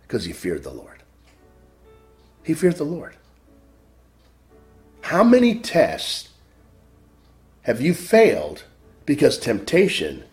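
A man preaching with a wide, swinging pitch that leaps up on key words and sinks low and soft on others. He repeats phrases for emphasis in a sermon, with faint music playing underneath. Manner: emphatic, repeats phrases, swings between loud stresses and quiet drops.

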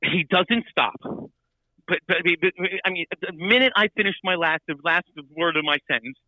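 A man telling a story in casual chat, animated and full of restarts and repeated words. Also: high-pitched, moderate pace, no room sound, highs cut off.

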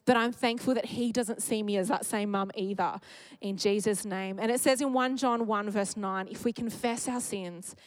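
Aussie woman in her 30s preaching, emotional and laughy, kinda high voice, dry close mic. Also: no room sound, poor audio. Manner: warm, candid and emotional, laughing often. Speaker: speaker at church. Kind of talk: sermon.

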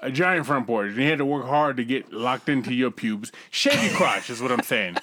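A man's voice: medium pitch, animated, moderate pace, noisy background. A young adult man co-hosting a podcast, reading listener messages aloud in crude, profane banter and mocking with laughs.

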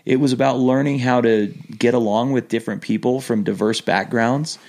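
A man guesting on a podcast, telling lively stories in an animated way, laughing often and restarting his sentences. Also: mid-range voice, moderate pace. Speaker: podcast guest, former missionary. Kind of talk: casual storytelling interview.

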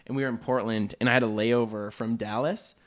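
A man co-hosting a podcast, telling stories in an animated, rambling way. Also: mid-range voice, a little fast. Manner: animated storytelling, lots of fillers. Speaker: podcast co-host. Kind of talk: casual podcast chat.

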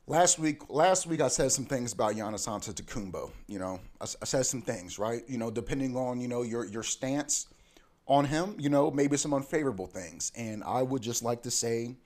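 A man's voice: medium pitch, animated, moderate pace, a little mellow. Loose, slangy man hosting a podcast. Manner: loose, playful, repetitive slang-heavy talk. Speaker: podcast host. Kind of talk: casual ranting monologue.

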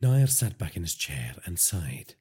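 A man narrating a crime audiobook in a measured, dramatic storytelling manner. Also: low-pitched, sing-song, warm tone, slightly rough.

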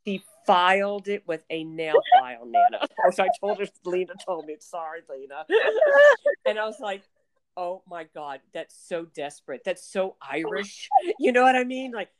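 A woman chatting casually as a podcast co-host, telling animated stories full of laughing asides. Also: mid-range voice, normal speed. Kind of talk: casual chat.

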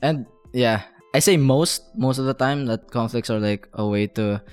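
Young male co-host, chatty and giggly, smooth clear voice, faint music bed. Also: mid-range voice, normal speed. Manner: chatty, laughs often, acts out his own reactions. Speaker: podcast co-host. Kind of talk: casual chat.

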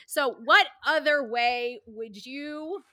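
Bright-voiced woman podcast co-host. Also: high-pitched, slow, dry recording. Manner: animated, swearing, acting out silly voices. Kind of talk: casual chat.

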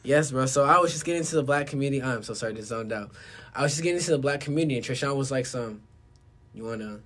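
A man's voice: mid-range voice, rapid-fire. Young man, laughing storyteller. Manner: laughs often, switches between quiet mumbling and loud laughing bursts. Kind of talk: casual chat.

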